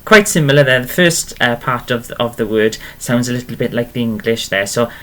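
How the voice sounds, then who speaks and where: A man's voice: medium pitch, fairly quick, pushed and bright. A man teaching a beginner language lesson, patient and encouraging, often checking in with "okay?". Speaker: Welsh language tutor.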